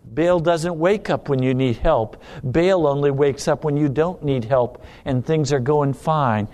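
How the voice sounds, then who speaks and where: A man's voice: fairly high pitch, a little slow, darkish tone. A man preaching a sermon, dramatic and emphatic, acting out desperate pleas.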